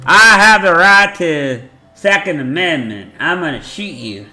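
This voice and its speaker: A menacing rural landowner with a gun, put on by a man, drawling his words slowly. The voice is bright and forceful, with faint music behind. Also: fairly high pitch, expressive, exaggerated voice. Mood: threatening. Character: gun-toting rural male landowner, threatening.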